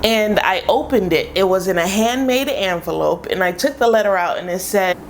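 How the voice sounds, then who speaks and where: Gravelly-voiced woman telling a personal story. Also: mid-range voice, moderate pace, a little hiss or hum, rough recording. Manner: emotional, animated, acts out quoted voices. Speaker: vlogger.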